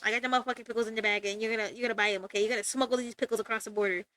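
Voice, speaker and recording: A woman voicing a threatening mob pickle smuggler who talks in quick, swaggering threats. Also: a little high, fairly even intonation, fairly bright tone, natural voice.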